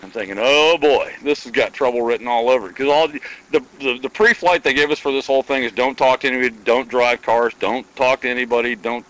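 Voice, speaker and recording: Talking fast at a medium pitch, an Iowa man tells a lengthy, folksy story as a guest in casual conversation, voicing the characters' lines with animation. The recording has its highs cut off.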